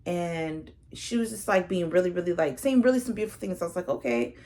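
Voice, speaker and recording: A woman's voice: fairly low pitch, lively intonation, fairly quick, dark tone. A woman telling a personal story straight to her viewers, rambling and earnest, full of fillers like "like" and "you know". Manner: earnest, heartfelt and a little emotional. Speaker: tarot reader sharing a personal story.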